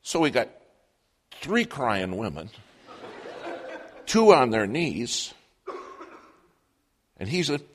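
A male preacher spins a story in his sermon, his pitch swinging widely up and down. He tells it with comic timing and lively humor, at a middling pitch. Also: extremely slow, long pauses, slight background noise.

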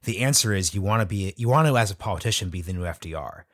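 A male podcast host with a lowish voice, recorded dry and close. He is blunt and emphatic as he talks politics in a conversational way. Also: lively intonation, fast, no room sound.

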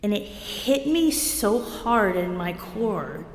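A woman's voice: medium pitch, big pitch swings, slow. Blunt woman in an echoey hall. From New Jersey. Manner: blunt, self-deprecating and wry, with bursts of laughter. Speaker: recovery meeting speaker. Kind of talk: candid personal share at a meeting. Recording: echoey hall with long reverb.

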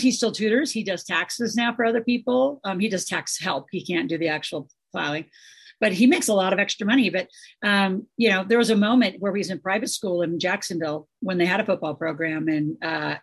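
Husky, emphatic middle-aged woman. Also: medium pitch, fairly quick. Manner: emphatic, animated, many fillers. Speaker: guest, financial educator. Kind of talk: casual interview talk.

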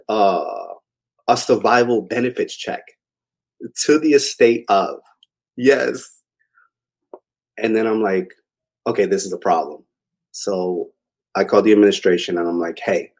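A young man with a slightly low voice tells a personal story in a relaxed, rambling way. He keeps it casual and conversational, with plenty of filler words. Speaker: interview guest.

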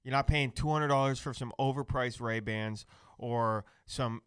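Blunt, smooth-voiced man telling stories. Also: medium pitch, moderate pace. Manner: blunt, profane, animated storyteller. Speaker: podcast co-host. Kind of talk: casual banter.

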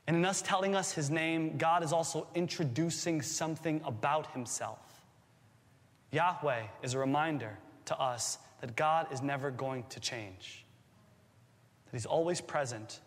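A man preaching a sermon, playful and teacherly, who asks his listeners questions and jokes with them. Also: a little high. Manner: playful, quizzes the audience with jokes. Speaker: pastor. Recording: long hall reverb.

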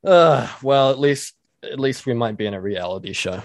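A man co-hosts a podcast, his voice sitting in a middle pitch. He talks animatedly, swears freely and gets worked up over small things. The recording is dry and close on a desk microphone. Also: animated, moderate pace, dry recording. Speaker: podcast co-host. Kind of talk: casual chat and reading listener questions.

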